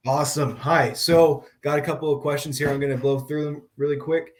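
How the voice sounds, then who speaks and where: A man calling in with questions, speaking briskly and eagerly. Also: on the high side, fairly even intonation. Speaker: caller. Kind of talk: casual question.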